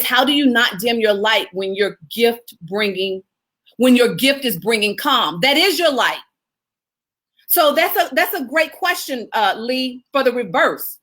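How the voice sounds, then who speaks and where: A woman with a slightly high voice hosts a casual live stream. She talks with a lively, expressive manner, laughs easily and chats with her viewers as she coaches them. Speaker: publicist hosting a live video.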